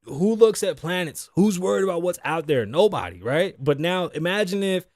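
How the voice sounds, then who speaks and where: A man in his thirties riffs through the day's stories on his own podcast, swearing freely and wandering off on tangents. His voice sits fairly high and swings widely in pitch. The sound is dry and close, with no room around it. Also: normal speed, no room sound. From Puerto Rican background. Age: 30s. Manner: profane, animated, rambling. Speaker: podcast host. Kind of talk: solo casual podcast rant.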